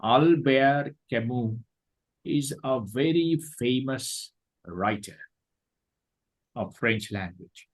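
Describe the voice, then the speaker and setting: A man with a Bangladeshi accent lecturing a class as a teacher, deliberate and repeating his points. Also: mid-range voice, animated, rough recording.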